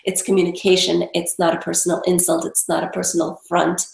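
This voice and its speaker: A woman's voice: fairly low pitch, monotone, fast, vocal fry, darkish tone. A woman dog trainer, a guest in an interview, explaining emphatically and repeating words for stress. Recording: echoey room.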